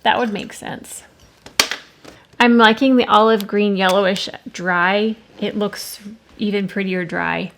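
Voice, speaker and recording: A woman who hosts an art channel swatches watercolors at her desk, chatting casually, musing, rambling a bit and correcting herself. Her mid-range voice is steady, slow, gravelly and fairly bright. Faint background noise and clicks sit under the recording.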